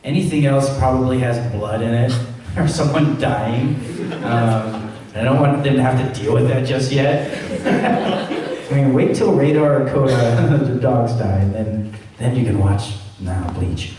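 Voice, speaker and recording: A man, a voice actor, telling stories and answering fan questions on a convention panel, acting out quoted lines in a higher voice. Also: unhurried, mellow, a little hiss or hum. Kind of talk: Q&A panel storytelling. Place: large echoey event hall. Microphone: room recording from the audience. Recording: echoey hall, far from the mic.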